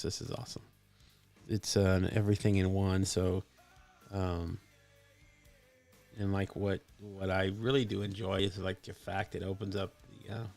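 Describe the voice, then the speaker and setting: Gravelly low-voiced man streaming. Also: a little mellow. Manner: chatty and enthusiastic, lots of fillers. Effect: processed voice with added depth. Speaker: live stream host. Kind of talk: casual live stream chat. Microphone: desktop microphone with voice processing.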